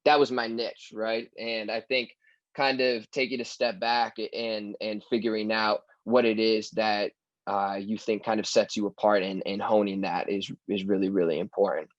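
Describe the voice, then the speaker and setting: A young man on a student panel shares advice thoughtfully. His voice sits on the low side. The sound is muffled and dry. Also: little pitch movement, moderate pace, no room sound. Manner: reflective, thoughtful, with many restarts.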